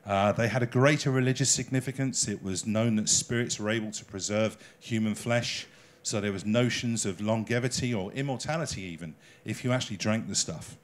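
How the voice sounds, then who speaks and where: A man with an English accent delivers a relaxed lecture to a live audience, pointing at his slides as he goes. His voice sits slightly on the low side. He keeps it conversational, with little jokes and frequent checks with the room. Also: fairly quick. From England. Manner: chatty, jokey, asks the audience questions. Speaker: cruise ship enrichment lecturer.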